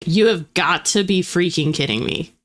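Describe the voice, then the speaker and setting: A young woman with a slight Southern US twang, hosting a livestream and chatting casually with viewers, laughing often and rattling off quick auctioneer-like spiels. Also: on the low side. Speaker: livestream host.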